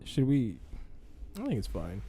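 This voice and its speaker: A man's voice: mid-range voice, huge pitch swings, a little slow, dark tone, a little hiss or hum. Giggly young man rambling on a podcast. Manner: rambling, giggly, acts out silly quoted voices. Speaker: podcast co-host. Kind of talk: casual chat.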